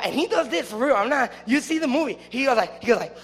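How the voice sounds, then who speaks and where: A young man giving a casual, playful youth sermon, joking and breaking into loud excited shouts. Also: very high-pitched, quick pace, hardly any pauses. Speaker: youth preacher. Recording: long hall reverb with faint music.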